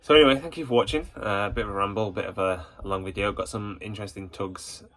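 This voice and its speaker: A man's voice: fairly low pitch, steady tone, fast talker, fairly bright tone. A man hosting a casual ranking vlog, talking as an enthusiastic fan in a rambling way, full of hesitations and "you know". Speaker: YouTube channel host.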